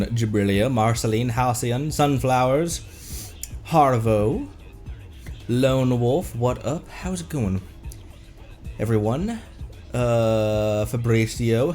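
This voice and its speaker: A man with a stuffy head cold chats unhurriedly through a live game stream from home, rambling and laughing at his own expense. His voice sits in an ordinary middle pitch, and faint music hums underneath. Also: expressive, slow, darkish tone. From Colorado, United States. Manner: rambling, self-mocking, laughs often. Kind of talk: casual live-stream chat over gameplay.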